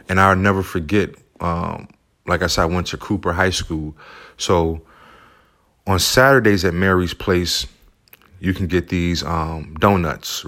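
A man with a deep, low voice tells his own story as a single father. His talk is heartfelt and loose, and he keeps circling back with easy fillers like "you know" and "man". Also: a bit bright. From United States. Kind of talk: personal storytelling.

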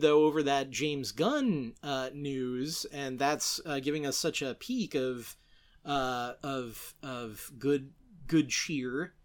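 A man in his thirties hosting a casual entertainment news podcast, animated and sarcastic, talking straight at the companies he covers. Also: a little high. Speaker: podcast host.

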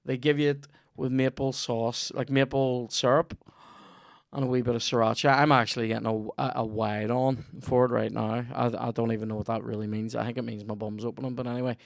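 A man's voice: medium pitch, little pitch movement, a little fast, creaky, no room sound, clean studio sound. A Northern Irish man hosting a podcast, rambling through a profane, jokey sponsor read. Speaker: podcast host. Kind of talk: sweary comedic ad read.

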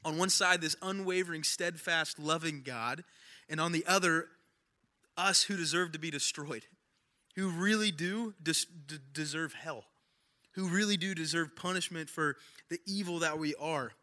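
A man's voice: a little high, normal speed, bright, forceful tone. A young man preaching a sermon in a casual, conversational way, repeating phrases for emphasis. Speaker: pastor.

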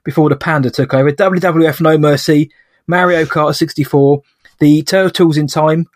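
A man's voice: on the high side, steady tone, moderate pace, no room sound. A young man co-hosting a podcast in casual, laughing banter. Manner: jokey, laughs often, banter. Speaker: podcast co-host. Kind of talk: casual chat.

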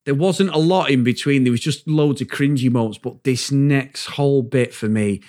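Man, casual podcast co-host, sweary and animated. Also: medium pitch, normal speed. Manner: animated, swears a lot, laughs while telling stories. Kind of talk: casual chat reviewing a comedy series.

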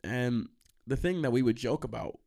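A young man hosting a solo podcast, telling stories in a profane, animated, easily sidetracked way. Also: mid-range voice, moderate pace, vocal fry. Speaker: podcast host. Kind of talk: solo rambling storytime podcast.

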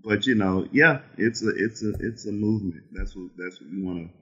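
A man's voice: lowish voice, fairly quick, a bit bright, dull audio. A man in his forties with a Southern Texas accent, a laid-back podcast guest. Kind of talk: casual interview chat.

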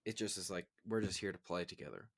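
A man's voice: deep voice, fast, vocal fry, husky. A young man co-hosting a podcast in casual chat, rambling with lots of fillers and laughs. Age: young adult. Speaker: podcast co-host.

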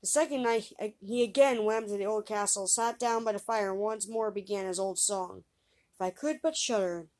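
Lady reading a fairy tale out loud, gets louder and higher for the characters' lines. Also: a little fast, few pauses. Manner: lively reader raising pitch and volume for quoted voices. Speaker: storyteller.

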